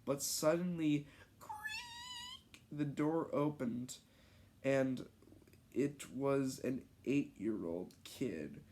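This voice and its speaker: Slow, amused reader of childhood writing. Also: mid-range voice, mellow, a little hiss or hum. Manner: amused, stumbling over childish handwriting. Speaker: reader of own childhood stories. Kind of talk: casual read-aloud with joking asides.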